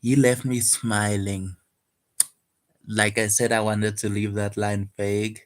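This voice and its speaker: This poet vlogger muses hesitantly on his own poem, soft-spoken and guarded with a wistful air, stumbling through fillers and restarts. He speaks slowly in a lowish voice with little pitch movement.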